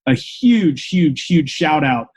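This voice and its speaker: A man hosting a wrestling podcast, chatting in an upbeat way and giving shout-outs to listeners. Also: on the high side, animated, slow, slightly rough. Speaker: podcast host. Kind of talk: casual podcast chat.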